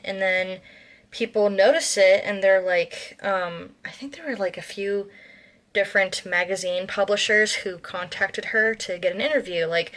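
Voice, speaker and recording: An American woman vlogger chats casually in a cooking video, her voice medium in pitch and a little bright. She rambles, with plenty of ums and self-corrections.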